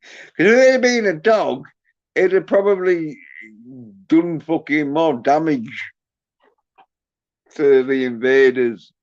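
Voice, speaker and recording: A man's voice: on the high side, takes it slowly, long pauses, no echo. A man hosting a livestream, ranting crudely and mockingly while reading out the chat. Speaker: livestream host. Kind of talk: casual livestream rant. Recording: dull lo-fi stream audio.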